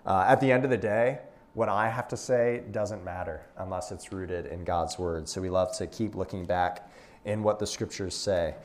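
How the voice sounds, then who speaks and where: A man's voice: on the low side, a little mellow. A young man, preaching a sermon to a room in a conversational, folksy way with asides.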